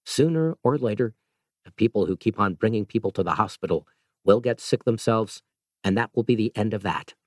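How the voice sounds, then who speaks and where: A man's voice: on the low side, animated, fairly quick, a little mellow, dry recording, studio quality. A man voicing a blunt, joking doctor in an audiobook.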